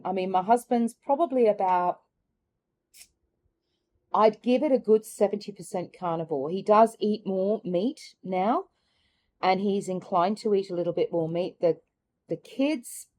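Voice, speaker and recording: A middle-aged woman chatting candidly in a personal vlog, musing aloud and laughing softly between thoughts. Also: medium pitch. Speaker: carnivore diet vlogger. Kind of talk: reflective personal vlog chat.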